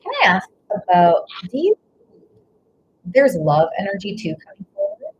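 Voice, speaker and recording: During a live tarot reading, the reader's mid-range voice swings hugely in pitch at a normal speed, carrying a breathy edge. She gushes with emotion and rambles, frequently marveling with "whoa" and "wow," captured on slightly dull lo-fi audio with faint background noise.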